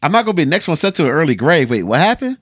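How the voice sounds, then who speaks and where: A forty-year-old man from Ohio with an American accent, hosting a casual video where he reacts to a music video, jumping between loud exclamations and muttered asides. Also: on the high side, big pitch swings, very fast, breathy edge, dry recording, clean studio sound. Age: 40s.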